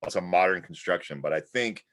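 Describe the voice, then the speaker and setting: A man's voice: low-pitched, brisk, a bit bright, a little hiss or hum. A man chatting casually and enthusiastically about magic he admires.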